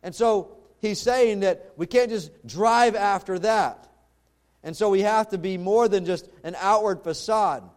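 A man with a notably high voice delivers a sermon in a conversational storytelling style. He restarts phrases often and moves easily between family anecdotes and exhortation. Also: measured pace. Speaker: pastor.

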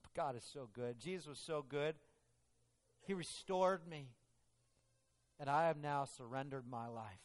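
A man's voice: on the high side, a little slow, pauses often, lightly acted. A man voicing a remorseful, devoted apostle who speaks earnestly and with rising emotion, in a sermon role-play with long hall reverb. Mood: remorseful, fervent.

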